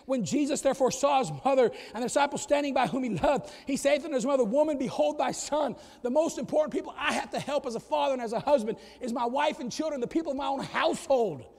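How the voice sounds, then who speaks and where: A middle-aged man preaching a sermon as pastor of his church, swinging from quiet asides to shouted climaxes. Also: very high voice, quick pace, few pauses. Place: church sanctuary. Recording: long church hall reverb.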